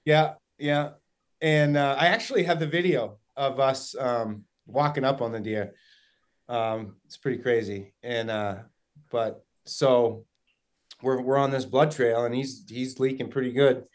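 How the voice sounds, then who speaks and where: Excitable man telling a hunting story. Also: mid-range voice, a little slow. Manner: excited, rambling, many fillers and quoted dialogue. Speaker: guest hunter. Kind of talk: casual storytelling.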